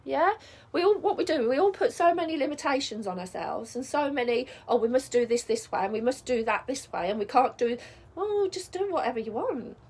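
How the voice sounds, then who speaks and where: A woman's voice: high voice, lively intonation, fairly quick, a little mellow, husky. A middle-aged woman coaching viewers in a casual advice vlog, chatty and reassuring, often checking in with "yeah?". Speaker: spiritual life coach.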